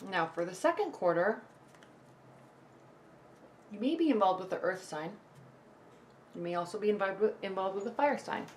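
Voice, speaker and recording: A woman's voice: mid-range voice, expressive, normal speed, long pauses, slight background noise. A woman giving a casual tarot forecast to camera. She talks in a loose, reassuring way, restarts often and keeps checking in with "okay?" and "right?". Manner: loose and chatty, with frequent restarts. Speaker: tarot reader.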